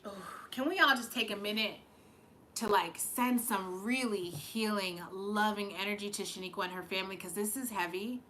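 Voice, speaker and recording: Woman, live-stream psychic reader; bright, pressing tone; tearful, rambling, profane. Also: medium pitch, normal speed, slight background noise. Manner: emotional, rambling, with frequent swearing and restarts. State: fighting back tears. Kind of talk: live-streamed channeled reading.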